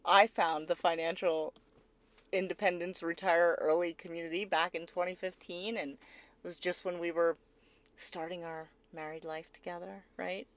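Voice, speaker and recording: A woman hosting a casual podcast, bubbly and quick to laugh, often checking in with "right?". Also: on the low side, fairly even intonation. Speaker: podcast host.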